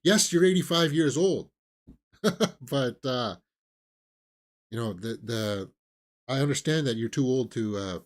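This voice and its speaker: A man's voice: mid-range voice, expressive, takes it slowly, pauses often. Guy hosting a movie news stream, chatty and opinionated, lots of ums and restarts. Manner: rambling, opinionated, with many fillers and restarts; sarcastic, mocking impressions of celebrities. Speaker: movie news show host. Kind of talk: casual live-stream chat.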